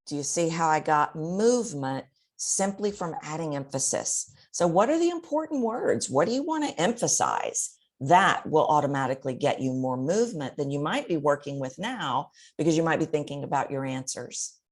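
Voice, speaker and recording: A woman with a notably low voice gives expert advice as a voice coach. She talks expressively and often demonstrates the techniques she describes. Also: expressive, normal speed, few pauses. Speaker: voice coach guest.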